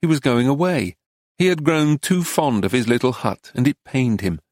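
A man reads a memoir aloud as an audiobook narrator. His voice sits in a middle pitch and he keeps an even, literary storytelling manner. The sound is dry and close to the mic. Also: moderate pace, no room sound.

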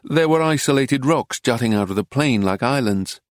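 A man reading a travel narrative aloud in a measured, unhurried audiobook style on a close mic. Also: medium pitch, expressive, dry recording. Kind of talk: scripted narration.

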